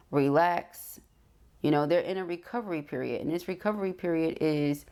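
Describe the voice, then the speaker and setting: An adult woman gives a tarot reading in a low, creaky, darkish voice. She speaks directly to her viewer, affirming them and checking in often with "okay?"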